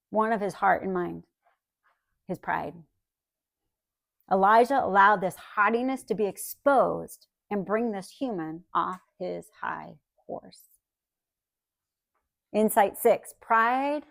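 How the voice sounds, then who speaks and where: A woman's voice: medium pitch, creaky, no echo, clean studio sound. A woman Bible teacher giving a conversational teaching talk, often checking in with listeners by asking "right?".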